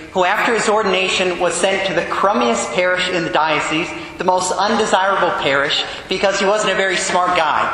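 Bright-voiced priest in echoing church. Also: male voice, high-pitched, a little hiss or hum. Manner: conversational, emphatic, keeps asking the listeners "right?". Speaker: Catholic priest. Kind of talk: Gospel reading and homily. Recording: echoey church hall with long reverb.

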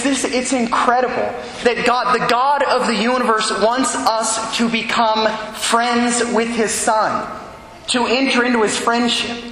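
A man preaching a storytelling homily as a priest, speeding up when excited. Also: sits high. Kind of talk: sermon. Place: large church. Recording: echoey church from a distance.

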